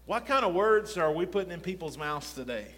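A man's voice: high voice, big pitch swings, fairly quick, fairly bright tone. A male pastor preaching a sermon in a conversational style, often repeating "listen" and asking the congregation rhetorical questions. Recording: long reverb of a large hall.

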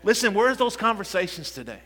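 A man preaches a sermon, his fairly high voice rising in fervor as he repeats "listen" and restarts his lines. His tone is bright and forceful. The recording carries a long hall reverb from the church. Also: very animated, fairly quick, husky. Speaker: pastor. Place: church sanctuary.

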